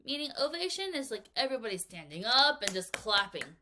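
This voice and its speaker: A woman's voice: on the high side, fairly quick. A woman teaching English vocabulary to children, reading examples aloud and acting out little scenes in playful voices. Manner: lively, acts out little examples in silly voices and whispers. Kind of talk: vocabulary lesson for kids.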